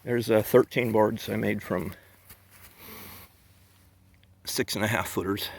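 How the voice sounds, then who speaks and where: A man's voice: fairly low pitch, fairly even intonation, normal speed, creaky, breathy edge. A man hosting a casual outdoor video, chatting to viewers in a folksy way as he works. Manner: chatty, folksy, talks to viewers while working. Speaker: video host. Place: outdoors at a log-milling site.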